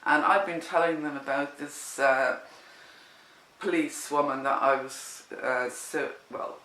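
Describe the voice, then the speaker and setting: A woman tells a personal story in a loose, rambling way, often breaking off and restarting her sentences. Her voice is bright and sharp-edged. The room around her echoes. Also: extremely low pitch, slight background noise. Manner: animated, rambling, with many restarts. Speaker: vlogger telling a personal story. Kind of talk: casual spoken storytelling.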